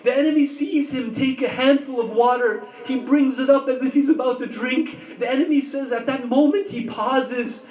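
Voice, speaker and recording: A man's voice: very high-pitched, normal speed, few pauses, a little mellow. A man preaching a sermon, retelling a story with emotion and rhetorical questions, in a community hall. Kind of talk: sermon narration. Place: community religious center hall. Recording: roomy, distant mic in a hall.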